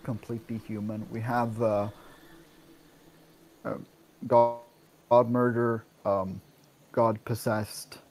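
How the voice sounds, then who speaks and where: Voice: mid-range voice, flat delivery, slow, long pauses, a little mellow, a little hiss or hum, low-quality recording. A tabletop player chatting casually and fumbling for words. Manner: rambling, searching for words. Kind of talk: casual game chat.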